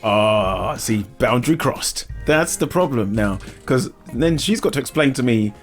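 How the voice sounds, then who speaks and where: A man's voice: medium pitch, animated, a little slow, soft background music. A man co-hosting a comedy podcast, joking in a playful, laughing way. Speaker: podcast co-host. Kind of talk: casual comedy chat.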